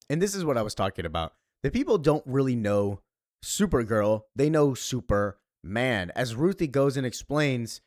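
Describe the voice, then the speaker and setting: A man talking casually through a comic book, chatty and loose, full of fillers and side remarks. His voice sits in a middle pitch, and the sound is dry and close. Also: sing-song, moderate pace, a little mellow, no echo. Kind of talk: casual comic read-along commentary.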